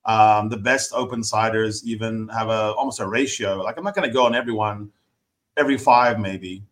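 A man's voice: lowish voice, fairly even intonation, normal speed, fairly bright tone. A man hosting a casual podcast interview, asking long, rambling questions with fillers. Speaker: podcast host.

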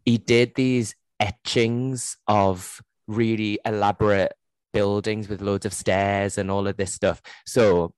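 A young Geordie woman with a notably low voice talks through a novel in a loose, chatty way. She laughs easily and swears freely. The sound is close and dry. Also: fairly even intonation, slow pace, a little mellow, no echo. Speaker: podcast co-host. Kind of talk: casual book-club chat.

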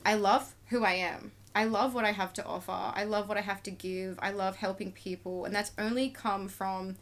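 A woman's voice: mid-range voice, fairly even intonation, normal speed, a bit bright. A woman, a tattoo artist talking openly and emotionally about her life as a podcast guest. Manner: open and emotional, acts out quoted exchanges. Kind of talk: candid conversational storytelling.

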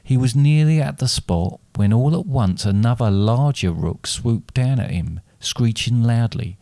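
A man reading his own dark fairy tale aloud as a storyteller, with steady, deliberate narration, then chatting with his co-host. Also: medium pitch, creaky, no room sound.

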